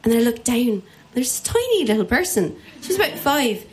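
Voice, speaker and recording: An Irish woman telling a comic personal story live, animated and self-mocking, acting out the voices of the people in it. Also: on the high side, normal speed. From Ireland.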